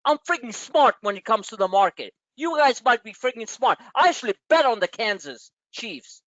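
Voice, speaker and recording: A man's voice: extremely high pitch, sing-song, normal speed, a bit bright, no echo. Blunt, ranting New man. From New York. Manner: frustrated, blunt, profane, lecturing. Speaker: trading webinar host. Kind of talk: live webinar rant. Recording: dull dry lo-fi webinar audio.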